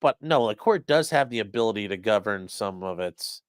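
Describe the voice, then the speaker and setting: A man's voice: lowish voice, expressive, moderate pace, smooth, no room sound. A man who has worked as a defense attorney, talking loosely about a trial in casual live-stream commentary, swearing and acting out courtroom exchanges. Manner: loose and profane, acts out courtroom quotes.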